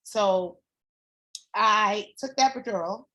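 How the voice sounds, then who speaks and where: A woman guest telling her own story in a casual chat, candid and animated, swearing freely. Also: medium pitch, takes it slowly. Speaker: former doula client, guest.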